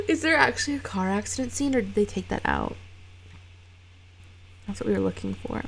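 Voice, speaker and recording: Expressive, groaning woman streamer. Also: medium pitch, brisk, pauses often. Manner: expressive and blunt, with groans and cursing. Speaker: streamer reacting to a horror film. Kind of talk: casual reaction commentary.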